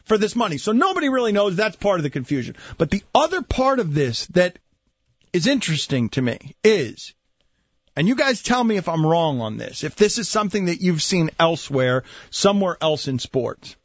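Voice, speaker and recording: A man's voice: sits high, very animated, moderate pace, no echo. A man hosting a sports talk radio show, arguing his points emphatically and throwing questions at his co-hosts. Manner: emphatic, questioning, restarts mid-thought. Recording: dull dry studio sound.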